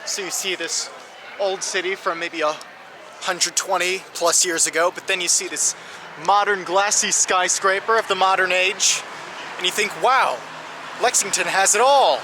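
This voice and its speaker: A man's voice: high-pitched, flat delivery, moderate pace. A man narrating a travel vlog around a city, explaining with touches of dry humor. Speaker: travel vlogger. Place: outdoors in a city. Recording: noisy outdoor street recording.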